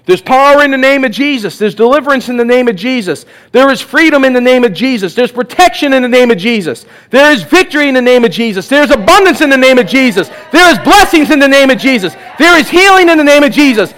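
A man's voice: extremely high pitch, a bit bright. A man preaching at a church service, exhorting his congregation with repeated calls of "come on" and leading them in prayer. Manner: exhorting, repetitive "come on" calls, bursts of laughter. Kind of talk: charismatic sermon and altar call. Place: church service with live audience.

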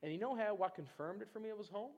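A man preaching, telling a personal testimony in an animated storytelling way and acting out other people's voices. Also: high voice, fast, dull audio. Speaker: pastor. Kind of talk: testimony in a church sermon.

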